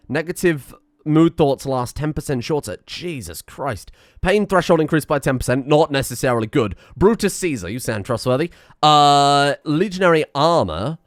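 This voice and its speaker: A man's voice: on the high side, no echo, clean studio sound. A man hosting a let's play, rambling and self-mocking with plenty of swearing. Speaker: gaming channel host.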